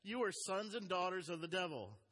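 A man's voice: sits high, big pitch swings, a little fast, a bit bright. A man preaching a sermon as a pastor, speaking earnestly and reading scripture aloud with emphasis. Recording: long hall reverb.

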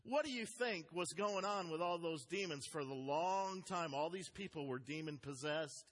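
A man's voice: on the high side, normal speed, fairly bright tone. A man preaching a sermon as a pastor, speaking earnestly and reading scripture aloud with emphasis. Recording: long hall reverb.

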